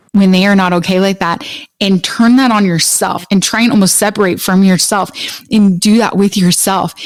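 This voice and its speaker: A woman's voice: medium pitch, no echo. A woman hosting a podcast interview, speaking earnestly and confidingly in casual chat. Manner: earnest, confiding, talks in long runs. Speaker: podcast host, coach.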